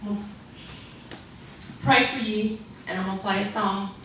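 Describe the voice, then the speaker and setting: A woman's voice: mid-range voice, steady tone, measured pace, sharp tone. A woman preaching a sermon in an earnest, conversational way, often repeating her phrases. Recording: echoey room, far from mic, faint hiss.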